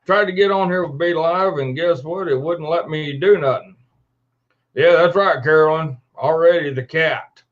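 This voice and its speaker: A man hosting a casual livestream from home at his computer, greeting viewers by name in a folksy, unhurried way after a day of working cattle. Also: fairly high pitch, lo-fi sound. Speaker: livestream host. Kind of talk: casual live-stream chat.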